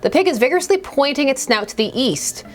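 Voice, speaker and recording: A woman's voice: sits high, lively intonation, fast. Chatty woman playing a game. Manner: chatty, reads game text aloud wryly. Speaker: gaming video host. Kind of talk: casual let's play commentary.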